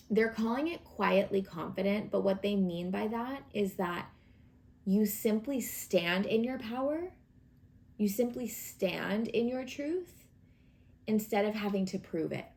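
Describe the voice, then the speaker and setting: A woman's voice: mid-range voice, creaky. A woman giving a casual weekly tarot reading, talking in an encouraging, chatty way with lots of fillers. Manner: warm encouraging, chatty with many fillers and acted asides. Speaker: tarot reader.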